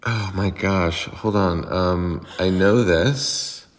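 Brief: very low-voiced male actor guest, loose chatty interview talk, reverberant sound. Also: slow. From Pittsburgh, US. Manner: relaxed, rambling, many fillers. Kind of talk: casual interview chat.

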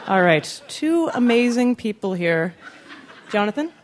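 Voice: mid-range voice, very animated, measured pace, noisy background. A host of a live game show who introduces contestants and teases them with upbeat banter. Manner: upbeat, teasing banter with guests. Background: audience laughter.

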